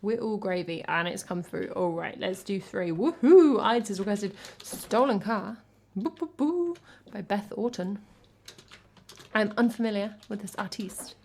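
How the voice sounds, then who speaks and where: A woman's voice: mid-range voice, fairly even intonation, moderate pace, vocal fry. Chatty English woman, self-deprecating. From England. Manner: chatty, self-deprecating, reading out chat and thanking viewers. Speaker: music streamer. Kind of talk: casual chat between songs.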